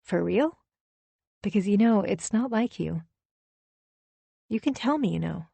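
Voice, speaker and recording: A woman narrator voicing a gushing, conspiratorial female best friend in an audiobook, speaking in a hushed, sympathetic way. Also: medium pitch, expressive, a little slow, gravelly, breathy edge, dry recording, heavily acted. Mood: coaxing. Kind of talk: audiobook character voice.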